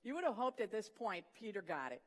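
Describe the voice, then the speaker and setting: A preacher giving an earnest sermon, retelling scripture vividly and dropping to a soft voice for emphasis. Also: mid-range voice, sing-song, brisk. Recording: long reverb of a large hall.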